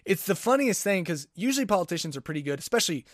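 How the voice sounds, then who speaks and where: A man's voice: high-pitched, big pitch swings, very fast, no echo, studio quality. A man hosting a podcast alone, giving a sarcastic, rambling rant in casual commentary. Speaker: podcast host.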